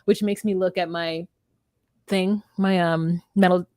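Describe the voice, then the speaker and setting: A woman's voice: lowish voice, fairly even intonation, a little slow, darkish tone, dry recording, clean studio sound. A woman co-hosting a podcast, recapping a reality show in casual chat with a wry, hesitant manner. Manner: chatty and wry, with frequent hesitations and laughs. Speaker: podcast co-host.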